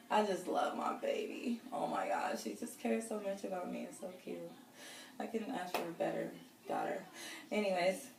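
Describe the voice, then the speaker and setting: A woman in her thirties casually telling a personal story, rambling with lots of fillers. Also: on the low side. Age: 30s. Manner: chatty, rambling, many fillers and laughs. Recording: roomy echo, distant from the mic, faint noise.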